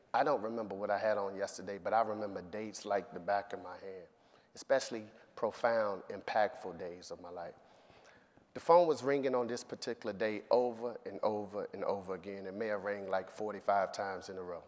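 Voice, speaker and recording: A middle-aged man telling a personal story to an audience, acting out the voices of the people in it. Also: mid-range voice. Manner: animated storyteller, acts out voices. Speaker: speaker. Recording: long reverb of a hall.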